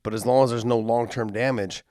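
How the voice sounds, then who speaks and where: A man's voice: mid-range voice, steady tone, brisk, dark tone, no room sound, studio quality. Casual man co-hosting a podcast. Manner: loose and conversational, with filler words. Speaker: podcast co-host. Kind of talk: casual chat.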